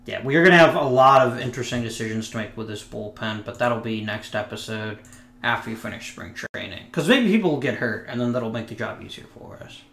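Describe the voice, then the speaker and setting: Man, let's play host, casual game commentary, wry muttered asides, mid pitch, echoey room. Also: expressive, fairly quick, creaky, fairly bright tone, slight background noise.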